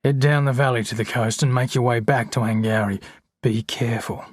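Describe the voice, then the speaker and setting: A man doing a weary old man, husky and low-key. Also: fairly even intonation, fairly quick, dry recording, clean studio sound, natural voice. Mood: urgent. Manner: older, wearier voice.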